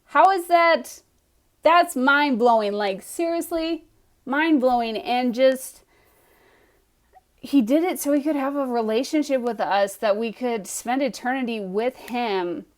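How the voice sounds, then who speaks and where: A young adult woman, an author, chatting earnestly on a live stream to her readers, gushing, with soft laughs and trailing starts. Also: sits high, measured pace. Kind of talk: heartfelt live stream chat.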